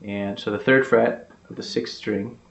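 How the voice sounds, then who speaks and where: A guitar teacher gives a casual lesson, walking through it step by step in an easygoing manner full of fillers. His voice is lowish and creaky, with fairly even intonation and a measured pace. The recording sounds roomy and dull, with the guitar coming through loudly.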